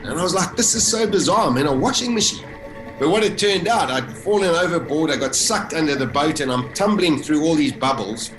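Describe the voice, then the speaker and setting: A man's voice: fairly high pitch, echoey room, poor audio. A man from South Africa, a podcast guest, recounting a survival ordeal vividly and acting out his own thoughts. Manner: animated, vivid retelling with acted-out inner thoughts. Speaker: interview guest. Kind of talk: emotional first-person storytelling.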